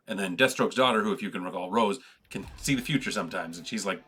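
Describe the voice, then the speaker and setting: A man's voice: lowish voice, quick pace, breathy edge, soft background music. A man hosting a comic book channel, giving a casual recap and acting out the characters' lines. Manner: animated storyteller who acts out the characters' lines.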